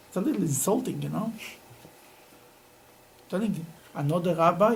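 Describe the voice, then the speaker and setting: Middle-aged rabbi guy teaching talmud, lively storytelling, laughs a lot, bit of hiss. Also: high voice, brisk, rough recording. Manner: animated storytelling, laughs often, repeats words. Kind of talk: Talmud class lecture.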